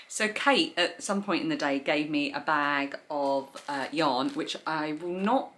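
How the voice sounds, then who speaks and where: Chatty low-voiced woman vlogger. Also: a bit bright. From England. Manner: enthusiastic, rambling, quick bursts with fillers. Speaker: crochet and knitting vlogger. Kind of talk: chatty vlog narration. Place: bedroom, sitting on the floor.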